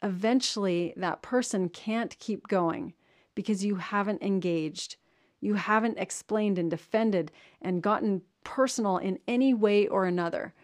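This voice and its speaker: A woman coaching leaders on communication in an earnest, steady instructional monologue, repeating and stressing key words. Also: mid-range voice, measured pace.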